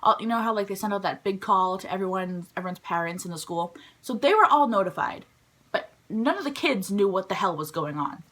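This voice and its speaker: A young woman telling a story from her school days in a chatty vlog style, full of "like" and quick asides. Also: mid-range voice. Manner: chatty, animated, heavy use of "like". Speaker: vlogger. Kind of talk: casual storytime.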